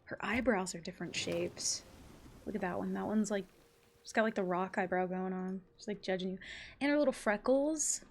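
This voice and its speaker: A woman live-streams a game and chats casually with her viewers while playing. Her voice is an ordinary middle pitch at normal speed, she swears freely and laughs easily, and a faint hum of noise sits in the background.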